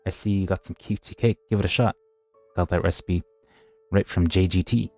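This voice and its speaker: A man voicing a breezy, glib male fast-food manager with a chummy, folksy manner. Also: deep voice, fairly even intonation, darkish tone, dry recording, soft background music.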